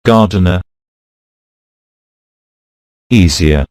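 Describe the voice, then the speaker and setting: A man narrating a scripted pronunciation lesson, reading example words slowly and deliberately. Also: low voice, darkish tone, clean tone, no echo. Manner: slow, deliberate, reads words out one by one. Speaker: pronunciation teacher.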